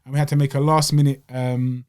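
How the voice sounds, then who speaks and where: A young man, telling stories in an animated, slangy way as a podcast co-host. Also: mid-range voice, fairly quick. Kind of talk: casual chat.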